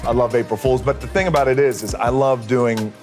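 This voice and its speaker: A middle-aged man, an actor, answering interview questions and telling anecdotes in an animated, storytelling way. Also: medium pitch, a little fast, faint music behind. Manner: animated storyteller, acts out dialogue.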